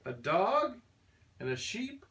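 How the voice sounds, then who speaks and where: A man's voice: sits high, big pitch swings, takes it slowly, bright, forceful tone, recorded from a distance. An older man, a grandfather, reading a picture book aloud to a baby in a sing-song way, with playful animal noises.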